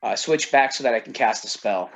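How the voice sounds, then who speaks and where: A man's voice: mid-range voice, lively intonation, fairly quick. Hesitant man thinking aloud. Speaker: player. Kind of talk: casual tabletop play.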